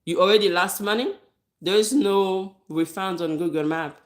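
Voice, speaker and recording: A woman business owner speaks straight to her viewers in a casual advice monologue, her voice sitting at an ordinary middle pitch. She is blunt and emphatic, driving each point home by repeating it, with small laughs between thoughts. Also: moderate pace. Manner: direct and emphatic, repeats key phrases. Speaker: hair braider.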